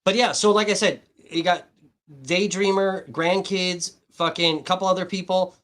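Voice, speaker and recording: A man with a slightly high voice rambles through a casual livestream, swearing freely and talking straight to his chat viewers. He sounds hot and worn out by thirst. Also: fairly even intonation, normal speed, a bit bright. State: hot and dehydrated.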